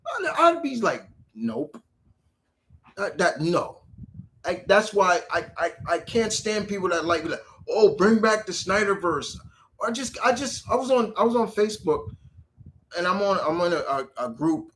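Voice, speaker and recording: A man's voice: high-pitched, expressive, normal speed, a bit bright. A man hosting a live stream, ranting casually about comic heroes and answering viewer questions, restarting his sentences and swearing freely.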